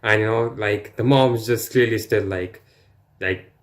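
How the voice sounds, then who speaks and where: A man's voice: lowish voice, fairly even intonation, measured pace, background noise. A man hosting a reaction video, rambling casually with lots of fillers and crude asides.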